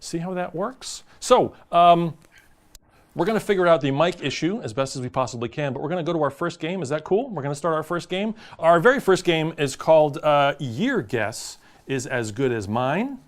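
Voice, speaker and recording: Animated, punning quiz show host man. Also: fairly high pitch, moderate pace. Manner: jokey, punning banter with contestants. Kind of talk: game show hosting.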